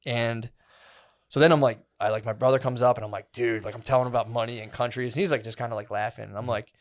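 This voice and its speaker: A podcast host rambles quickly through a story, swearing constantly and leaning on "dude" and "like." His voice sits at an ordinary middle pitch, and he slips in and out of quoted voices as he goes.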